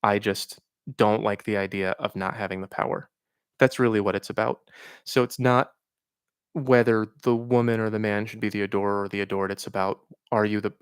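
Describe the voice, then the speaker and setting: Low, smooth-voiced man giving frank advice. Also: no room sound, clean studio sound. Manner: reflective, frank advice with pauses and fillers. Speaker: host answering live chat questions. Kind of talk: casual livestream Q&A.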